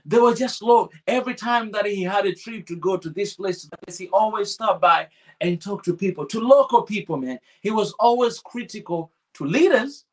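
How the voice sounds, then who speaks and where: A man's voice: high-pitched, moderate pace. A man hosting a podcast forum who talks fervently, repeats his points for emphasis and reads out audience questions. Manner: fervent, repetitive, emphatic restarts. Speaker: podcast host. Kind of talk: passionate forum talk, reading audience questions.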